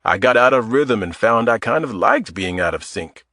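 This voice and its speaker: A man's voice: medium pitch, animated, normal speed, pushed and bright, no echo, studio quality. A man voicing a wry, self-deprecating man in his mid-forties in an audiobook. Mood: joking. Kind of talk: audiobook character voice.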